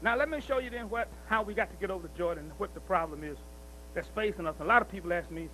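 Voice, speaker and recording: A man preaches in a strikingly high voice, bright and forceful in tone. He drives his points home through repetition and keeps asking his listeners whether they follow him. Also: quick pace, a little hiss or hum, poor audio. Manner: emphatic, repetitive, with rhetorical questions like "see?". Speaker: speaker at a commemorative celebration. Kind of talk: preaching-style speech.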